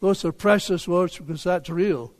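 An older man, a pastor, preaching a sermon in a deliberate, emphatic way, with rhetorical questions for the congregation. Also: high voice. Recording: long hall reverb.

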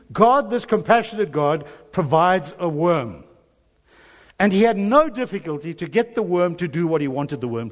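A man delivering a sermon, retelling scripture with animated storytelling and voicing the characters' words. His voice sits a little high for a man. The sound carries a long reverb from a large church hall. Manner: animated storytelling, acts out biblical dialogue, chuckles often. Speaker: preacher.

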